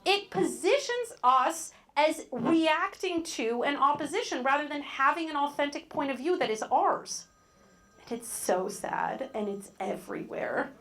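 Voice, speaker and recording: A woman leads a live workshop in an indoor meeting room, speaking into a handheld mic. Her voice sits high and swings widely in pitch, and her delivery is wry and joking. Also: animated, a little slow, a bit bright.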